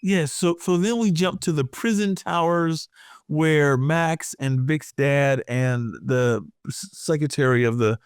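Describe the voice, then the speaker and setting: A man co-hosting a podcast, retelling a comic plot in a halting, filler-heavy way. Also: a little high, clean tone, no echo, clean studio sound. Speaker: podcast co-host. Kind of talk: casual comics discussion.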